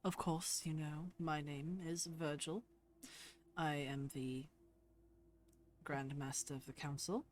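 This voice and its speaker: Woman doing a stiff courtly council grand master, low and slow. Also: steady tone, a little mellow. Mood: formal.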